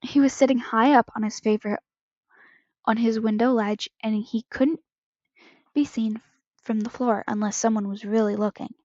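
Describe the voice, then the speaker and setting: A woman with a fairly high voice reads fan fiction aloud, stumbling over words and correcting herself as she goes. The recording is close and dry, from a home microphone with a slightly muffled, lo-fi tone. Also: steady tone, moderate pace, pauses often, a little mellow, no echo. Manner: unpolished reading with stumbles and self-corrections. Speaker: podfic reader.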